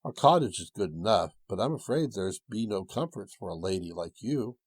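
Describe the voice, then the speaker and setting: A man's voice: lowish voice, lively intonation, moderate pace, husky, no room sound. A man voicing a humble, fretful old woodcutter in a storybook tale, speaking in a rustic, exclaiming way.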